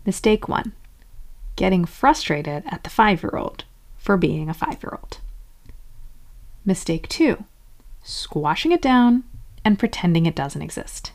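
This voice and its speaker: Woman, self-help host, scripted explainer narration, animated quoted asides. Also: medium pitch, a little slow, long pauses. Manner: acts out inner-voice examples in lively quoted asides.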